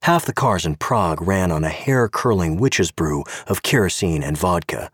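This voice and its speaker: A man reads a scripted audio drama with wry, expressive storytelling on a close studio microphone. His voice is low and husky, with lively swings in pitch, and the recording is dry and close. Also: normal speed, no echo. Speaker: narrator.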